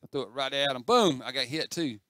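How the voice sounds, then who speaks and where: A man's voice: mid-range voice, lively intonation, brisk, a bit bright, no echo. A man giving chatty, self-mocking commentary as he plays an online game, talking to the other players on screen. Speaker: gaming channel host. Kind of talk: casual gameplay commentary.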